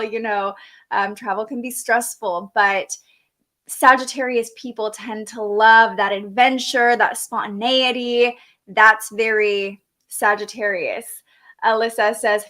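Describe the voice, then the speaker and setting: A woman's voice: fairly high pitch, measured pace, a bit bright. A young adult woman hosting a live astrology forecast, talking in an upbeat, chatty way and reading out viewer comments. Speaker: astrology show host.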